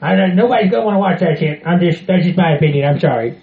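Gravelly-voiced crude rambling man. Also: high voice, racing, reverberant, highs cut off. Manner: crude, rambling, folksy rants. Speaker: podcast co-host. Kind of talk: casual wrestling chat.

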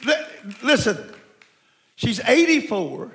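Man, 70s, from Mexico. Preacher giving a sermon. Raised, gravelly delivery with folksy stories and sudden shouting. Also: sits high, normal speed, pauses often, some chatter behind. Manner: folksy, animated storytelling with bursts of shouting.

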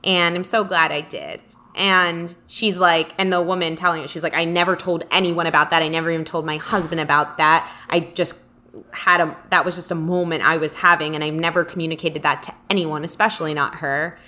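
A woman's voice: sits low, little pitch movement, brisk, pushed and bright, a little hiss or hum. A young adult woman co-hosting a casual podcast chat, telling stories with lots of "like" and restarts. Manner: chatty storyteller, many likes and restarts. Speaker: podcast co-host.

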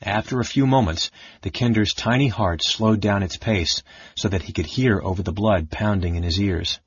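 A man narrates a fantasy novel in a steady, measured manner. His voice is low and slightly husky, recorded dry and close with a dull, lo-fi sound. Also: no echo. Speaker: audiobook narrator. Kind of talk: scripted narration. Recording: dull lo-fi audio.

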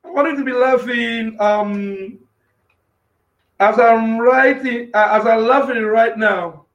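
A man preaching on a live stream in an excitable, repetitive way, often asking "you know what I'm saying". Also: very high-pitched, slow, dull audio. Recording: echoey room sound.

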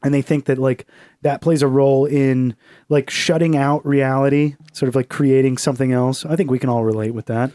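A man's voice: medium pitch, steady tone, brisk, warm tone, dry recording, clean studio sound. A man co-hosting a casual comedic chat, loose and profane, with lots of fillers. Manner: loose and profane, full of fillers, slips into mocking voices. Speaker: podcast co-host.

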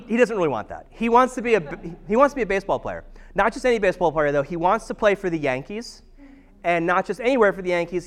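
Pastor type, man in his thirties, high voice, wry self-mocking storyteller. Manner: humorous self-deprecating storytelling. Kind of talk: conversational sermon.

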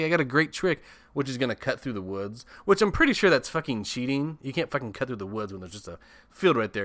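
A man with a fairly low, forceful voice recaps a horror movie in loose, casual chat. He swears constantly and laughs at his own asides, and the sound is dry and close. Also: dry recording. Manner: profane, laughs often, comic asides. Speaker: podcast host.

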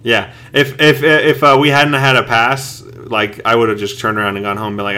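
A man's voice: mid-range voice, level tone, normal speed, few pauses, bright, forceful tone. A man co-hosting a podcast, chatting casually and rambling, searching for words with lots of fillers. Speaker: podcast co-host. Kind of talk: casual chat.

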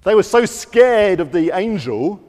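Man giving a lively all-age church talk. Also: sits high, measured pace, in a large hall. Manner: lively storytelling to children, acting out quotes. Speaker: preacher. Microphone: wearing a microphone.

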